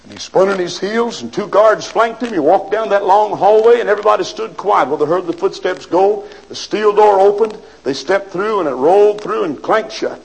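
Male preacher, fairly high voice, dramatic sermon storyteller. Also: lively intonation, moderate pace, vocal fry, hardly any pauses, slightly rough, poor audio. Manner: dramatic storytelling, urgent appeals.

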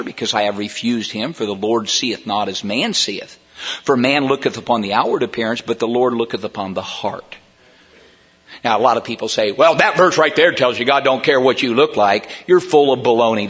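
A man preaching a sermon in a church, emphatic and rising to near shouts on key words. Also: mid-range voice, husky. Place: church sanctuary. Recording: dull sound with long hall reverb.

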